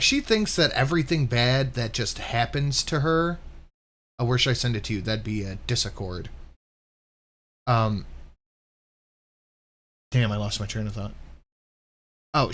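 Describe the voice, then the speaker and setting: A man's voice: mid-range voice, fairly bright tone. A man hosting a live stream, reacting to another streamer with sarcastic, mocking remarks and thanking donors. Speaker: commentary streamer.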